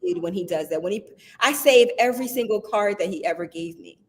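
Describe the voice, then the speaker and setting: A woman's voice: mid-range voice, animated, quick pace. A woman guest in casual conversation who tells stories with energy, acts out what people said, and laughs often. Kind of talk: casual chat.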